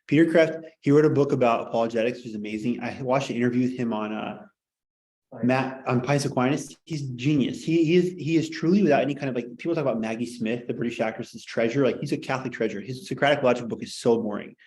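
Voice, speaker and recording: Male teacher, mid-pitched voice, loose rambling classroom talk full of "like" and jokes. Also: quick pace, darkish tone, low-quality recording. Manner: rambling, joking, heavy on fillers. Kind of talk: casual classroom lecture.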